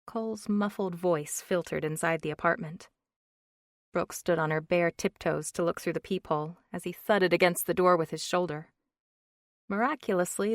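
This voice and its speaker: Low-voiced woman narrating an audiobook. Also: no echo, clean studio sound. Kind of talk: scripted narration.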